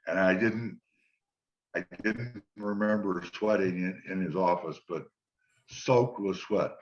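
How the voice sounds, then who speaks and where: An older man, a former football player, relaxed as he tells long anecdotes in an interview and quotes the people in them. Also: low voice, slow. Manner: relaxed anecdotal storytelling, quoting others. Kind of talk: storytelling interview. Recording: dull lo-fi sound.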